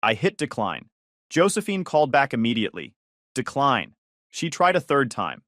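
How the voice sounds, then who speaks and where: A man giving a sardonic, deadpan first-person story narration into a close mic. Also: mid-range voice, moderate pace, dry recording.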